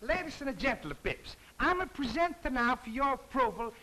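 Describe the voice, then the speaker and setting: A man's voice: very high-pitched, very animated, normal speed, soft background music, full character voice, rough recording. A man putting on a frantic mock-Italian announcer. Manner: broken English, frantic and flustered, shouting. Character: excitable male stage announcer, mock Italian accent.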